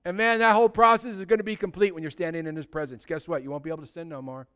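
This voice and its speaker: A preacher with a high, clear voice delivers a sermon. He reads scripture aloud and slips into casual, chatty stories full of fillers. He swings from loud proclaiming to quiet, confiding asides. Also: rapid-fire.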